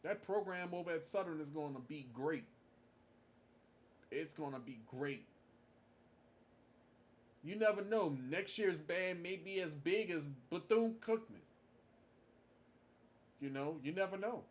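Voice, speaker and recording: Man, high-pitched, emphatic vlog tribute with lots of repetition. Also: a little mellow, slight background noise. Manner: emphatic, repeats his points for stress. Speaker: marching band fan vlogger. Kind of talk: casual tribute monologue to camera.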